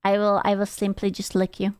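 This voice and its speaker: A woman's voice: mid-range voice, monotone, a little fast, a little mellow, clear, resonant tone, no echo. A young woman streamer chatting casually with her chat, rambling, teasing and swearing freely.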